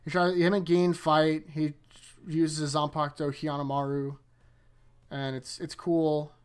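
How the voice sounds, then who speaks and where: A man's voice: a little high, level tone, measured pace, clean tone. Rambling man recapping anime episodes. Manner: rambling, self-correcting, chuckles often. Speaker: anime rewatch host.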